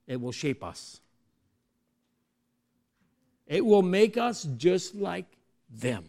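Very slow and sing-song, with vocal fry and frequent pauses, a man preaches in a voice that sits high. His sermon moves between quiet asides and loud, emphatic peaks, often posing rhetorical questions to the congregation.

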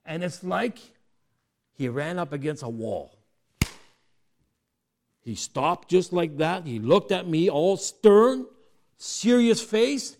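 A man preaching a sermon, moving between quiet asides and loud, emphatic peaks, often asking the congregation rhetorical questions. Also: high-pitched, expressive, slow, pauses often.

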